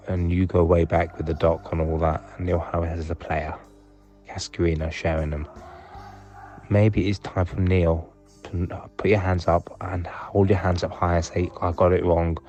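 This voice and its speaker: A man's voice: low voice, mellow. A man leaving angry, rambling, swearing voicemail messages from his sofa at home. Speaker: voicemail caller. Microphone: phone voicemail.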